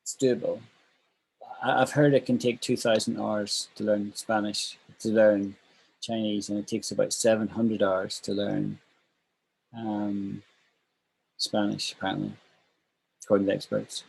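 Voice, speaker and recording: A man's voice: on the low side, flat delivery, measured pace, gravelly, long pauses, darkish tone, slight background noise, poor audio. A man teaching an online English class, chatty and emphatic, repeating phrases for stress.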